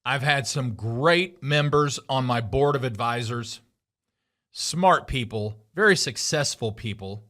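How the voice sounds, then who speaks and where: A man's voice: a little high, pushed and bright. A middle-aged man hosting a podcast, giving an emphatic motivational monologue with lots of repetition. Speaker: podcast host.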